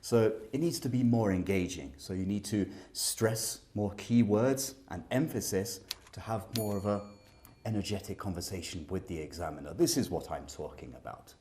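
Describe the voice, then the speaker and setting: A man's voice: fairly low pitch, moderate pace, mellow. A man teaching an exam speaking lesson, explaining points with emphatic stress.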